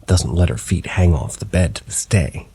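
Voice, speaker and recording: A man narrates scripted first-person paranormal stories at a moderate pace, husky-voiced and low and even in tone. There's no room sound at all.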